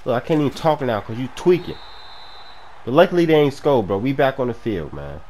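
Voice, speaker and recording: Hyped young man yelling at a football game. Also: medium pitch, expressive, fairly quick. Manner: hyped, shouting at the game, slangy. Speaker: gaming streamer. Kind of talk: casual gameplay commentary.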